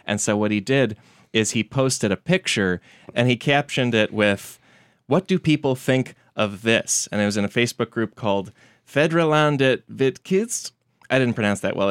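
A relaxed man chatting on a comedy podcast, his voice low-pitched and smooth. He laughs easily between lines. The sound is close and dry, with no room in it. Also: moderate pace, dry recording. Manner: laid-back, chuckles often, reads quotes aloud. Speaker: podcast host. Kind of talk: casual comedic chat.

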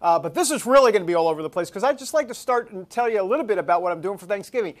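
A man's voice: sits high, expressive, racing. Joking, rambling talk show host, a man. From New York. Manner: joking, rambling, swings loud and soft. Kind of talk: casual talk show hosting.

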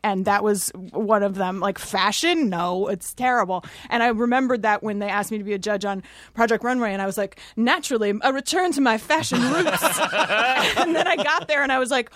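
A woman's voice: medium pitch, moderate pace, a bit bright, no echo, studio quality. A woman telling self-deprecating anecdotes in casual chat, often laughing. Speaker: guest.

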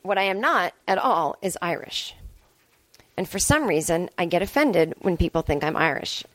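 A woman's voice: fairly low pitch, moderate pace, fairly bright tone, no echo. Chatty, rambling woman. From Boston area, US. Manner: rambling, chatty, self-deprecating, swears freely. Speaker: podcast host. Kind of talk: casual solo monologue.

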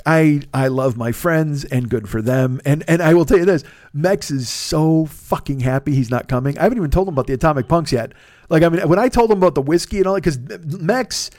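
A man's voice: a little high, a little mellow, dry recording, studio quality. Profane, exasperated man ranting. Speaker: podcast host. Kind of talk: casual storytelling monologue.

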